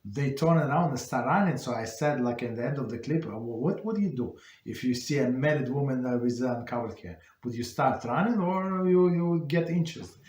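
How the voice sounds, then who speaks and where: A rabbi, a man, teaches an informal class, retelling stories in a halting, conversational way that keeps stopping to restart. His voice sits at an ordinary middle pitch. The recording has a roomy, echoing sound. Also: animated, darkish tone. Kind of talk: informal Torah class talk. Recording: roomy echo.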